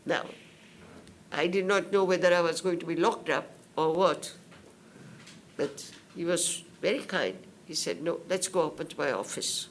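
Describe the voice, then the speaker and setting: An older woman from India giving spoken testimony at a public hearing, telling her story slowly and in detail and acting out what others said. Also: fairly low pitch, a little hiss or hum. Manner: slow, detailed storytelling that acts out others' words.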